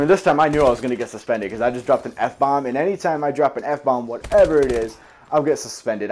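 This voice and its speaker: A man's voice: mid-range voice, a little mellow, a little hiss or hum. A young man casually telling a long personal story from his school days, rambling, swearing and correcting himself as he goes. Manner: rambling, profane, self-correcting. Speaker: storyteller recounting a school memory.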